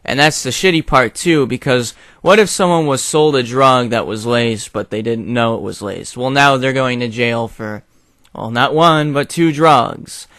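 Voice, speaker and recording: A man's voice: medium pitch, a little slow, fairly bright tone, dry recording, clean studio sound. A young man who rants his opinions to his viewers in a blunt, profane way, with a lot of fillers. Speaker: video commentator. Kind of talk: opinion rant to camera.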